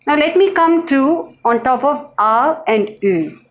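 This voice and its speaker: Slow, careful woman teaching a lesson. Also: sits high, animated, lo-fi sound. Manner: slow, careful, repeats words for learners. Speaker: French teacher.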